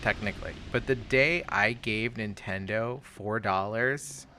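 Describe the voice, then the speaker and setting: A man with a lowish voice rambles in casual chat, piling up fillers and false starts and swearing without thinking about it. There is a steady background noise in the recording, and he keeps talking while he plays a game. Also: unhurried.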